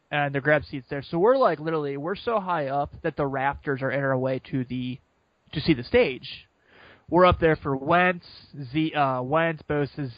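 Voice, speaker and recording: A man co-hosting a casual sports podcast, telling an excited story and quoting people as he goes. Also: a little high, no echo. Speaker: podcast co-host. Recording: muffled lo-fi sound.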